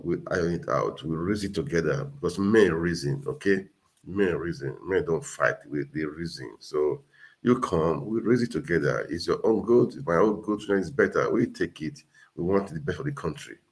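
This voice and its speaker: A man hosting a casual livestream, talking earnestly and repeating himself as he urges viewers on. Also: low voice. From Nigeria. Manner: earnest, repetitive, exhorting. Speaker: livestream host.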